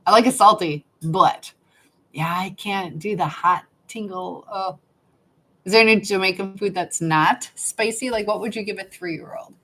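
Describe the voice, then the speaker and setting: Woman, live-stream host, casual chat at home, reads comments aloud, laughs often, mid pitch. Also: moderate pace, pushed and bright, rough recording.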